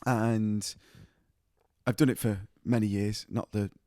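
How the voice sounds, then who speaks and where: A man's voice: on the low side, fairly even intonation, mellow, no echo. Jokey man, dry close mic. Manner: chatty, jokey, quick laughs. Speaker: podcast co-host, touring musician. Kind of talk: casual chat.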